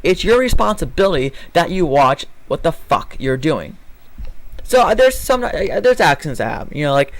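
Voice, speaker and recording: A man's voice: on the high side, big pitch swings, normal speed, no echo, low-quality recording. A man reading a news story aloud and then ranting about it, angry and profane, stumbling and correcting himself as he goes. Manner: rambling with restarts and self-corrections. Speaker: vlogger.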